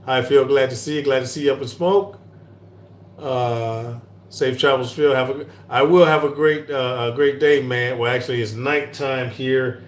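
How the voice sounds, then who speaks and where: A middle-aged man hosts a live-stream Q&A from an airport, reading viewer comments in a relaxed, chatty way and laughing often. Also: medium pitch, moderate pace. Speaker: cooking channel host. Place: airport lounge. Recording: echoey airport with faint hum.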